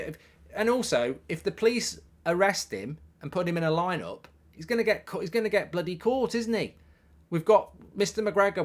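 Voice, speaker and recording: A man hosting a football watchalong, rambling and joking while reading out viewer comments. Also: a little high. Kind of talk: casual livestream chat, reading comments.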